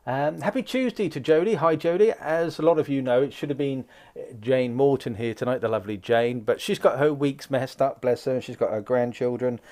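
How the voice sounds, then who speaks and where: Casting: male live-stream host, mid-pitched, chatty and rambling. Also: fairly quick, darkish tone. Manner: chatty, greets viewers by name, rambling asides. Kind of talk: casual live-stream chat reading out viewer comments.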